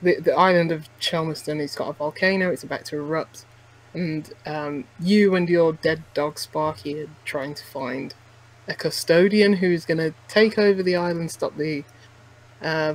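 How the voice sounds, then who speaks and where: A man talks casually on a podcast about a game he played. His voice sits fairly high for a man. He rambles, restarts his sentences and leans on fillers. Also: low-quality recording. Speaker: podcast co-host. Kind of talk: casual chat reviewing a game.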